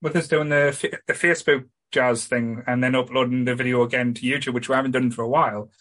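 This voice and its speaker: A man's voice: medium pitch, fairly even intonation, fast talker, a bit bright. A man co-hosting a podcast, telling stories with a laugh and swearing freely in casual chat. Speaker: podcast co-host.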